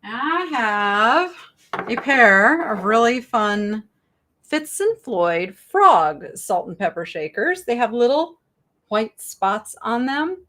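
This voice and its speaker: Middle-aged female live-sale host, bubbly and chatty, very animated pitch. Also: slow. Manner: chatty, bubbly, reads viewer chat aloud. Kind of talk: live-stream sales chat.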